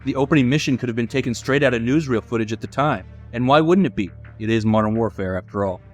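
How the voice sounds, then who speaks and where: A young man from the United States reads a scripted video essay in a sardonic, opinionated tone, swearing freely. His voice sits at a middle pitch. Soft music plays faintly underneath. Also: fast talker. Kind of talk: scripted commentary narration.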